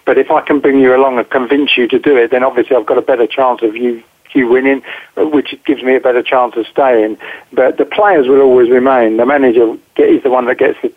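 A man's voice: medium pitch, steady tone, brisk. Emphatic man on a tinny phone line. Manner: direct, emphatic, repeats words while thinking. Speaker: guest. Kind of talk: phone interview.

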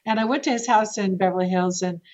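Woman, real estate guest, lively anecdotal teller, laughs a lot; muffled lo-fi track. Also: medium pitch, fast talker. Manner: animated, with laughs and restarts. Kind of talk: casual storytelling interview. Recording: dull lo-fi sound.

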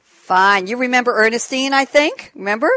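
A woman's voice: on the high side, normal speed, sharp tone, no room sound. A woman hosting a panel show, introducing the topic and guests with chatty, jokey asides. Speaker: show host and moderator.

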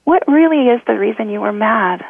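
A woman's voice: on the high side, expressive, a little fast, creaky, husky, no echo. A woman hosting a talk show, giving casual advice and talking things through with fillers and restarts. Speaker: podcast host. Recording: tinny phone-line sound.

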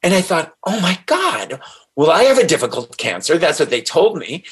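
A man telling his own story as an interview guest in an animated, excited way. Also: a little high, a little fast, husky. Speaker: guest, author. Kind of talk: personal storytelling.

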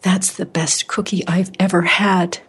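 A woman's voice: fairly low pitch, flat delivery, measured pace, fairly bright tone, slightly rough, full character voice. A woman voicing a sweet, delicate elderly grandmother in a story she tells. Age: older.

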